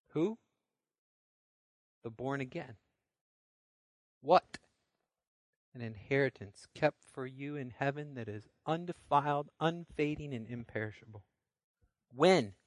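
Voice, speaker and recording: A male pastor preaching a recorded sermon alone in a room, moving between quiet scripture reading and loud call-and-response revival exhortation. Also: medium pitch, no echo. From Midland, Michigan area church. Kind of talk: recorded sermon to home viewers. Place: room alone without congregation.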